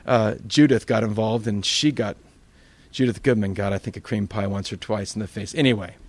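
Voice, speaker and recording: A man's voice: on the low side, brisk. A man preaching as a pastor, telling funny stories and acting out the voices of the people in them. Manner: animated, acts out voices in his stories. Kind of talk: storytelling sermon.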